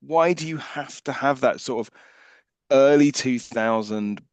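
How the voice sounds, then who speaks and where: A man's voice: medium pitch, unhurried, clear, resonant tone, no room sound. Critical man on a podcast. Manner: critical, weighs what is funny against what is lazy. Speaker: podcast co-host. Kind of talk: casual film critique chat.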